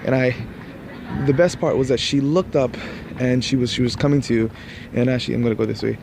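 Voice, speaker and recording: A man's voice: medium pitch, fairly even intonation, a little fast, gravelly. Brief: man, casual vlog anecdote, meandering delivery with many restarts, mid-range voice, faint street traffic behind. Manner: rambling, restarts often, laughs at his own story. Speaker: vlogger. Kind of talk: casual storytelling.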